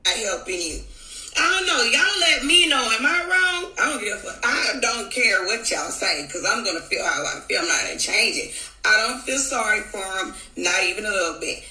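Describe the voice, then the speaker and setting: A woman's voice: a little high, sing-song, normal speed, sharp tone, echoey room, poor audio. A woman in a blunt, profane vlog rant addressed to her viewers. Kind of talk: ranting vlog.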